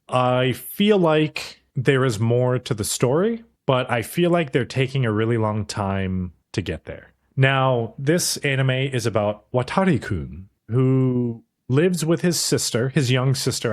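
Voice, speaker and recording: A man co-hosting a podcast, chatting casually about anime, rambling and swearing freely, briefly acting out characters' lines. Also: mid-range voice. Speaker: podcast co-host. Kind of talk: casual anime review chat.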